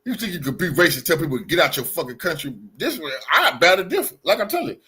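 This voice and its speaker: Husky-voiced man boasting on a livestream. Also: fairly high pitch, big pitch swings, fast, bright, forceful tone. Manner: rambling, profane, boastful. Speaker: streamer and blogger. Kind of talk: casual livestream commentary.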